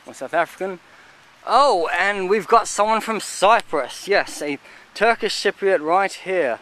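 Man rambling as he walks, slightly high. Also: sharp tone. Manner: halting, lists items with many fillers. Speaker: vlogger touring a cemetery. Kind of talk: casual walking commentary. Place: outdoor cemetery.

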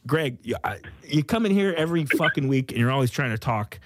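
Swearing, joking podcast host, dry sound. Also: male voice, medium pitch, expressive, brisk, a bit bright, no room sound. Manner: crude, joking, lots of swearing. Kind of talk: casual comedic chat.

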